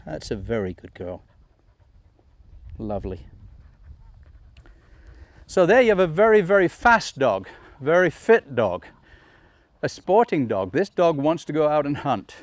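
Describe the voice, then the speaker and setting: Coaxing male dog trainer outdoors. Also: on the high side. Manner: calm, coaxing commands to a dog between explanations. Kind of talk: instructional demonstration. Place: outdoors in a field.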